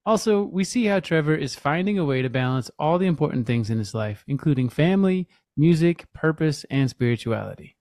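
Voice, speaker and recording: A man's voice: on the high side, lively intonation, fairly quick, hardly any pauses, darkish tone, no echo, studio quality. A man co-hosting a podcast, chatting easily and reading a show introduction, with frequent laughs. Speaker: podcast co-host. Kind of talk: podcast chat and scripted intro.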